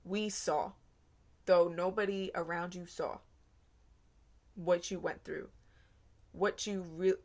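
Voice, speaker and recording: A woman's voice: fairly low pitch, steady tone, slow, long pauses. A woman giving a casual tarot reading, earnest and rambling, with many fillers. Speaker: tarot reader.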